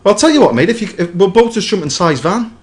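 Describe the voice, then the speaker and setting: A man's voice: sits high, animated, racing, noisy background, voice pushed up. A man playing an overfamiliar, creepy man who chats up a stranger in an improvised comedy sketch. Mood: creepy friendly. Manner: overfamiliar, chummy, calls everyone mate.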